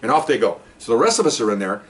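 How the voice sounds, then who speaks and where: An older man, a retired police officer, telling a story in a casual, animated way and acting out the people he quotes. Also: mid-range voice, very fast. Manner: animated, acts out quoted voices.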